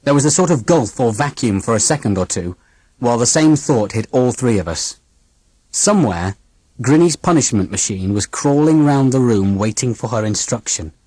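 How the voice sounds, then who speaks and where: An audiobook narrator reading a first-person story with dramatic expression and a lively, rising and falling pitch. The voice is slightly breathy, and the recording is dry and close with no room sound. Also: normal speed, dry recording.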